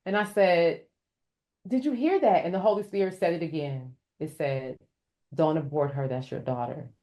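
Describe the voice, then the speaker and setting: Tamu wanita, suara agak rendah, bercerita hidup dengan menirukan ucapan orang lain. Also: female voice, low-pitched, normal speed. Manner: animated, raising her voice to act out quoted speech; addresses listeners as "y'all". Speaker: podcast guest. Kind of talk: storytelling in an interview.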